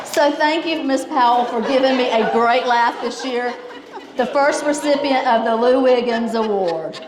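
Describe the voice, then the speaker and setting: A woman's voice: a little high, unhurried, background noise. A woman with a Georgia Southern accent presenting awards at a banquet, telling a humorous story and often laughing. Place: school banquet hall with an audience. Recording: audience laughter in a hall.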